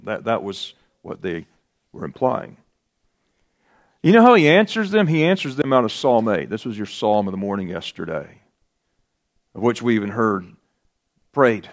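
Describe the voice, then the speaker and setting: A man preaching a sermon as pastor, slow and deliberate, rising to emphatic peaks on key words. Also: fairly low pitch, animated, gravelly.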